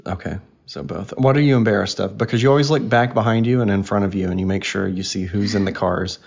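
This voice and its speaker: This man's lowish, creaky voice moves at a quick pace as he co-hosts a relaxed podcast with his daughter, joking around playfully. It's a dull lo-fi recording.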